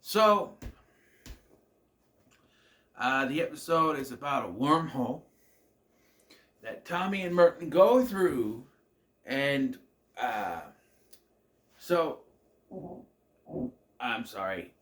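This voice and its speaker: A man's voice: mid-range voice, sing-song, very slow, long pauses, fairly bright tone. Man rambling through an episode recap. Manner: rambling, many fillers and restarts. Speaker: show reviewer.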